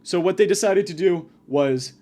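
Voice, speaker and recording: A man's voice: high voice, moderate pace, warm tone. A young man giving a crude, rambling comedic rant about his college.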